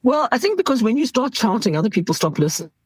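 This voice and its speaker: A woman's voice: on the high side, sing-song, fast, darkish tone, slightly rough, no echo, rough recording. A middle-aged woman from South Africa, an emergency doctor, telling candid stories in an interview and laughing as she goes.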